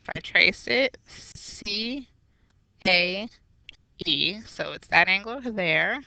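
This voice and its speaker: A woman's voice: mid-range voice, lively intonation, slow, vocal fry, pushed and bright, no room sound. A woman math teacher walking through a geometry review step by step, patient and explanatory. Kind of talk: recorded geometry review lesson.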